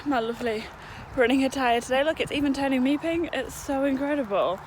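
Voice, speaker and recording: A young woman, chatting in an excitable, gushing way in a casual vlog. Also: high-pitched, a little fast. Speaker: vlogger. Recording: faint background noise.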